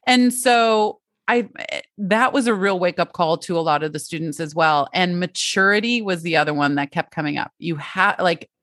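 A woman's voice: fairly low pitch, moderate pace, fairly bright tone, no room sound, studio quality. A woman giving parenting advice in a casual, chatty way, full of fillers and asides.

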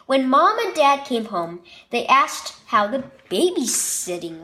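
Expressive woman reading a kids' devotional. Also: high-pitched, takes it slowly. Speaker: devotional narrator. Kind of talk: scripted children's devotional reading.

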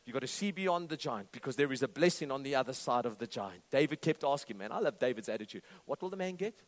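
Delivering an impassioned sermon to his congregation, a fast-talking preacher alternates booming proclamations with quiet, intense passages. He also throws in some playful jokes along the way.

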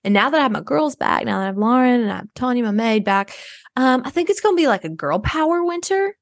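Woman doing a self-absorbed rich suburban mom, gravelly, rambling, for a comedy podcast, dry sound. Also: a little high, very animated, quick pace, no echo. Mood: rambling, chatty. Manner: rambling, breathless oversharing.

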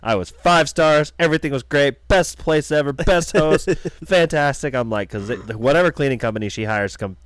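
A man's voice: a little high, moderate pace, no echo. Young man, casual chat, joking asides, dry close recording.

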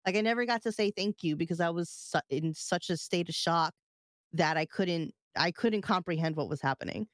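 This woman co-hosts a casual podcast from a live-streamed studio, speaking in a lowish voice at a moderate pace. Her lengthy personal story meanders, with "like" used as filler again and again. The audio is studio quality, with no room sound.

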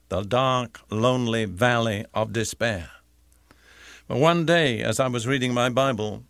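A man preaching a sermon in a measured, deliberate way, slowing down to stress key phrases. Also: mid-range voice, a bit bright, no room sound, clean studio sound.

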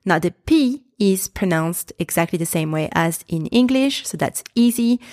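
A woman hosting a podcast lesson, slowly and carefully breaking words into sounds and repeating them for listeners to copy. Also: fairly low pitch, animated, a little mellow, no echo, studio quality. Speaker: podcast host and pronunciation teacher.

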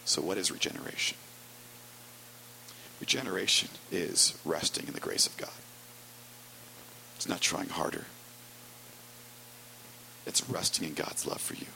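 A man preaching a conversational sermon as pastor, wry and storytelling with quick asides. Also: low voice, gravelly, pushed and bright, slight background noise, poor audio.

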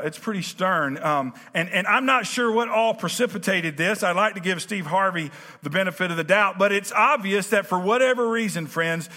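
Bright-voiced preacher man in a reverberant sanctuary. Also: high-pitched. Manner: conversational with many fillers and restarts; rising to emphatic preaching cadence. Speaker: pastor. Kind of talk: sermon. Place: church sanctuary.

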